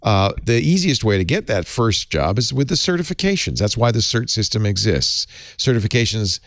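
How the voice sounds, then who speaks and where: Man, talk show host, animated, dry close sound. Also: fairly low pitch, normal speed, no echo. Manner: lively, laughs while reading aloud. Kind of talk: casual chat.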